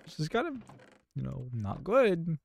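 A man commenting on his own gameplay as he plays, with a gravelly edge to his voice. His pitch swings widely as he mutters to himself in exasperation and slips in mild curses. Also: big pitch swings, unhurried. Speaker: gaming channel host.

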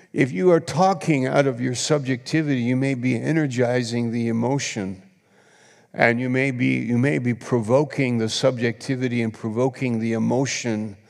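A man preaching a sermon as pastor, swinging between emphatic bursts and soft, confiding drops. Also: medium pitch, vocal fry. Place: church sanctuary. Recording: long church hall reverb.

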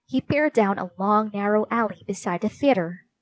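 A woman narrating a children's storybook in a slow, clear reading voice. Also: medium pitch, no echo, low-quality recording.

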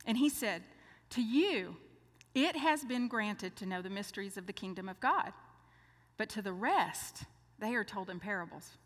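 An older woman preaching a sermon, telling a lively story and acting out the dialogue. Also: mid-range voice, moderate pace. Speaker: speaker. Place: church. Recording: long church hall reverb.

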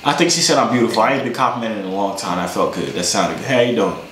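A man's voice: fairly low pitch, animated, rapid-fire, fairly bright tone, slight background noise. A young man hosting his vlog, bantering and teasing strangers in casual video-chat talk over a webcam. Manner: teasing, joking. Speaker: host. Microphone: webcam or phone on a video call. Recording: roomy echo.

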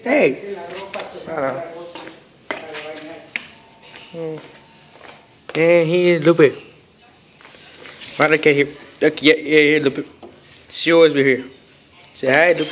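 Male vlogger, slightly high voice, unhurried rambling delivery full of fillers, coaxing with pets. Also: slight background noise. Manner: rambling and halting, with many fillers and broken sentences; soft, coaxing talk to pets. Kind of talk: casual chat to camera with his cats.

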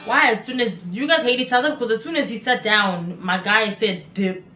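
A woman hosting a casual music video reaction, chatty and excitable, exclaiming often. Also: fairly high pitch, a little fast. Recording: echoey room with music behind.

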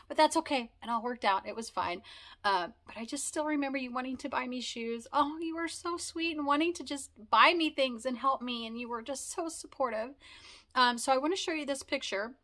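A woman in her forties reminiscing casually and emotionally to camera, talking fast and stumbling over her words. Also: a little high, lively intonation, pushed and bright. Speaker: vlogger thanking friends.

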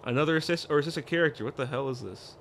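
A young man reacting live to a video announcement, excitable and prone to shouting in disbelief. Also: on the high side, rapid-fire, creaky, a little hiss or hum. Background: music from the video.

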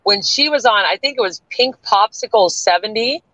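A woman's voice: mid-range voice, expressive, normal speed, bright, forceful tone, dry recording, dull audio. A woman from the US South with a Canadian-tinged accent, talking bluntly and with plenty of swearing as a guest on a livestream. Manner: blunt, profane, defiant. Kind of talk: livestream chat.

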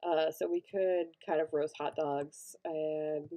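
Slow-paced and low, her steady, dark-toned voice narrates her own gameplay in a casual let's play. She rambles with plenty of fillers and restarts, erupting now and then in panicked shrieks and laughter.

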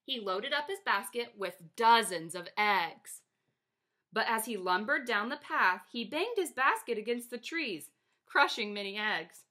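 A woman teacher reading a children's picture book aloud to her class in a lively, expressive way. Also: fairly high pitch, unhurried.

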